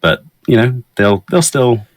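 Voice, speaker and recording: A man's voice: mid-range voice, very animated, a little slow, dry recording. A man joining a casual gaming podcast as a guest, making dry, wry remarks.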